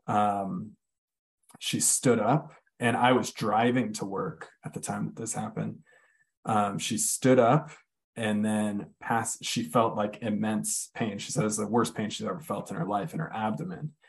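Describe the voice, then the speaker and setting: Male guest, conversational storyteller, blunt and unpolished, slows down for weight. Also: on the low side, steady tone, vocal fry. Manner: candid, swears freely, many "like" fillers. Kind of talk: casual storytelling chat.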